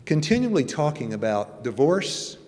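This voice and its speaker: Very animated and on the high side, a church elder in his sixties preaches as a guest at a moderate pace, his slightly mellow voice carrying a folksy, joking, conversational sermon and his personal testimony. The church sanctuary lends it a long reverb.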